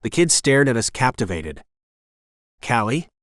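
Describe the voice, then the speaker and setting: Steady male audiobook narrator, dry close sound. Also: mid-range voice, normal speed, dry recording. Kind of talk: scripted narration.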